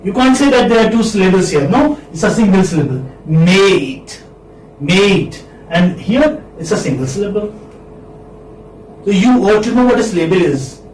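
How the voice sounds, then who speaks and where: A man with an Indian accent teaching a phonetics class, repeating each word slowly and checking in with a questioning "hmm?". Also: high-pitched, very animated. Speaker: English literature lecturer. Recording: echoey room, distant mic, faint hiss.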